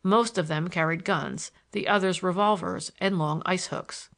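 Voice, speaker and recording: A woman reading a novel aloud as an audiobook narrator, in an even, measured way. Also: lowish voice, gravelly.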